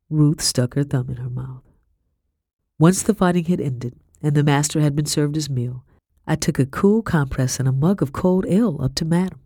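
A woman's voice: low-pitched, no echo. Woman reading an audiobook, dry close sound. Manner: measured, expressive reading. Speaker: audiobook narrator. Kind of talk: scripted narration.

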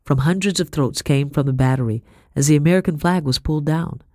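A woman tells a first-person story in a measured, steady audiobook voice. She sits close to a studio mic in a dead, dry space with no echo. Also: low-pitched. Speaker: audiobook narrator.

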